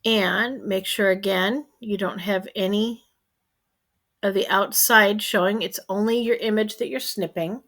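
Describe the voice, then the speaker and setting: A woman's voice: medium pitch, fairly even intonation, a little slow, a bit bright. A woman hosting a screen-share crafting tutorial, talking the viewer through each step in a chatty way and often checking in with "okay?". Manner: step-by-step instructions.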